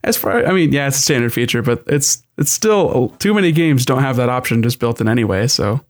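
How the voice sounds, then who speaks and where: A man chatting casually on a gaming podcast, in a middle-pitched voice. He rambles easily, hedging his points with plenty of "like" and "I mean". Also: a little fast. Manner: relaxed, rambling, frequent "like" and "I mean". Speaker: podcast co-host.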